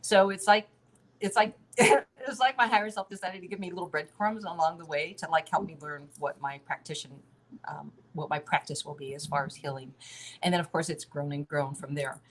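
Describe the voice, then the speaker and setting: Casting: middle-aged woman, lowish voice, rambling and chatty, laughs a lot, video-call audio. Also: a little fast, slight background noise. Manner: chatty, many fillers and restarts, laughs often. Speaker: interview guest. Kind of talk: casual conversational storytelling.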